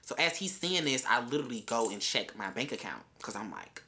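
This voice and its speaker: A woman's voice: a bass voice, expressive, brisk, pushed and bright, a little hiss or hum. A young woman telling a wild story in a vlog, brash and full of swearing. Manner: brash, profane, chatty storytelling. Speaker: vlogger.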